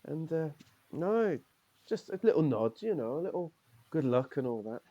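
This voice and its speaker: A man's voice: fairly high pitch, sing-song, normal speed, dark tone, highs cut off. A man voicing a proud, fussy middle-aged male Morris dancer who rambles on opinionatedly and says "aye," improvised in a role-play game. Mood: recalling.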